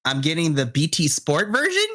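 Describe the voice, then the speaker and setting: A man co-hosting a podcast over a home internet call, chatting in a sassy, animated way and laughing often. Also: fairly high pitch, normal speed. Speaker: podcast co-host. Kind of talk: casual live-reaction chat.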